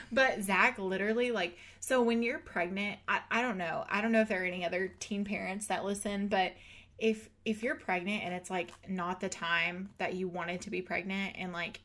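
A woman's voice: medium pitch, fairly bright tone. A woman in her twenties hosts a casual podcast chat in a mid-range voice. She tells her story animatedly, laughing often and slipping into the voices of the people she quotes. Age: 20s. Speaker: podcast host.

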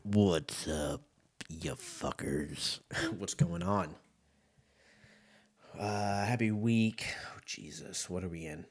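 A man hosts his own casual solo podcast, rambling, swearing freely and laughing at his own jokes. His voice sits on the low side, slow with long pauses, and there's a little hiss or hum.

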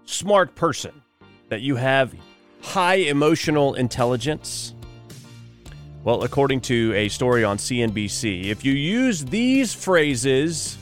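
A man's voice: medium pitch, smooth, no room sound, clean studio sound. A man hosting a morning radio show, chatting wryly through news items with offhand asides. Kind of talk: solo talk radio monologue.

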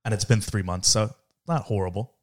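Twenties man, lowish voice, frank, casual, swears freely. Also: a little fast. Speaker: co-host, law school applicant. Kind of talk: casual family chat.

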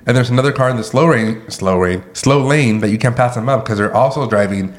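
A man's voice: medium pitch, fairly quick. A man in his thirties, a podcast co-host, ranting casually with swearing, dramatic on purpose, with a lilt. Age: 30s. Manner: rants and swears, jokingly dramatic. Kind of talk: casual chat.

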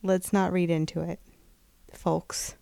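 Woman cohost talking slow and quiet, playful, dry mic sound. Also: lowish voice, level tone, creaky, dry recording. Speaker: podcast co-host. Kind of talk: casual chat.

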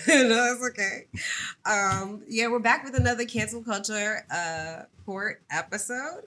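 A woman's voice: mid-range voice, measured pace, sharp tone. A woman co-hosting a podcast, teasing and laughing in loose, brash banter. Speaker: podcast co-host.

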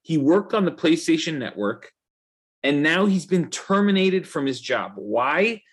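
A man's voice: a little high, very animated, measured pace, husky. A man co-hosting a podcast, chatting casually in a loose, profane, ranting way. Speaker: podcast co-host. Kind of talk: casual chat.

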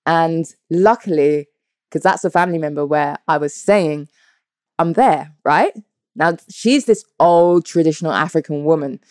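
Woman, 30s, vlogger: low-pitched, dry close sound, profane and animated telling a story to her viewers. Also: unhurried, no room sound. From United Kingdom. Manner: animated, blunt and profane, addresses viewers directly. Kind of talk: candid personal storytelling.

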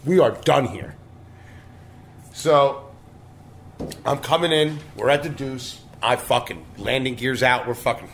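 A man's voice: mid-range voice, unhurried, vocal fry, long pauses, a little hiss or hum. A man telling a crude, boastful story in casual podcast chat, swearing often. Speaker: storytelling co-host.

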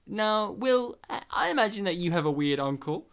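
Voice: medium pitch, very animated, moderate pace, a bit bright, clean tone. Giggly sweary commentary host. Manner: giggly, sweary, with frequent jokey put-on voices. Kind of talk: casual film commentary chat.

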